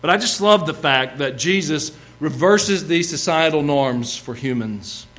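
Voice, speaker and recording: A man with a lilt delivers a sermon in a folksy, lively way. His voice sits a little high for a man, and he slips into playful acted-out asides as he preaches. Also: unhurried, hardly any pauses. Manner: folksy, animated, acts out bits of the story.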